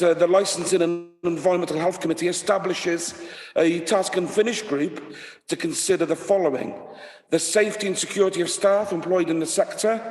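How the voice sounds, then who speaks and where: A man with a croaky, gravelly voice addresses a council committee in a measured, formal way, reading his proposal aloud. His voice sits a little high. The room around him is echoey, with a long reverb tail. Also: darkish tone. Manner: reads out a motion, measured.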